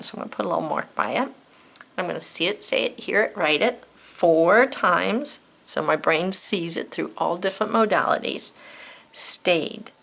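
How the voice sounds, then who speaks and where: A woman's voice: on the low side, gravelly, a bit bright. A woman teaching a spelling lesson to children, spelling words out letter by letter and thinking aloud in an encouraging way. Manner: thinks aloud, talks to herself.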